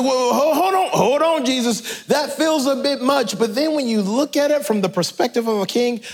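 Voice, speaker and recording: A pastor preaching a conversational, animated sermon, reading scripture and talking directly to the congregation. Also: male voice, extremely high pitch.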